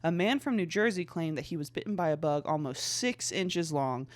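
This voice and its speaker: A young adult podcast host reads long passages aloud in a casual way, tripping over words and starting sentences again. The voice sits at a middling pitch. It is recorded close and dry, with no room echo. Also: normal speed. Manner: reads passages aloud with stumbles and restarts, filler "like" between.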